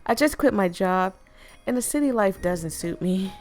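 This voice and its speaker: Brief: woman as a young game heroine, earnest and quietly searching. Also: mid-range voice, expressive, moderate pace, faint music behind, close to an everyday voice.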